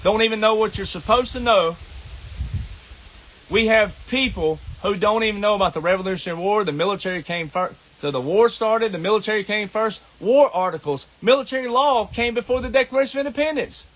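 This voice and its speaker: A man's voice: sits high, brisk, a bit bright. A man with a Southern US accent delivering a scolding, combative monologue as an online commentator, repeating his points. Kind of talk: ranting monologue to camera.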